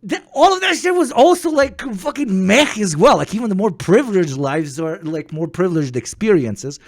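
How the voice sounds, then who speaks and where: A man from Europe, hosting a casual chat and telling stories in an animated, profane way. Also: sits high, normal speed, a little hiss or hum. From Eastern Europe. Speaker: stream host.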